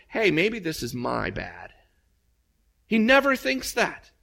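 Man, pastor, sermon delivery, gravelly and bright, animated storyteller. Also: sits high, takes it slowly, pauses often. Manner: animated storytelling, acts out voices with big jumps up.

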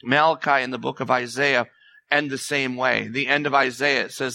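A man's voice: medium pitch, steady tone, moderate pace, vocal fry, pushed and bright. A man preaching a sermon as pastor, earnest and emphatic, pressing his point with rising intensity.

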